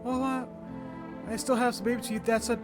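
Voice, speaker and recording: A man voicing a frightened, tearful little girl in a game, in a squeaky, whiny child voice. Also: flat delivery, a little fast, over music. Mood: childish.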